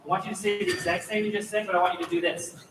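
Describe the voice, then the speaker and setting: Man, choir clinician, high voice, demonstrates vocal sounds, encouraging, echoey hall, far from mic, noisy. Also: flat delivery, rapid-fire. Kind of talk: choir rehearsal instruction.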